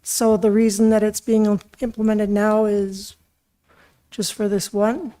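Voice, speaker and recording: Mellow, flat-voiced female commissioner. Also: medium pitch, a little slow. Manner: direct, questioning.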